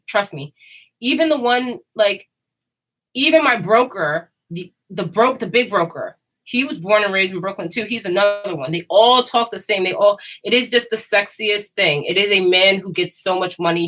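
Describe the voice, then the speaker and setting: A woman's voice: mid-range voice, a bit bright, low-quality recording. A woman chatting casually and candidly, rambling and laughing often. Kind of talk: casual chat.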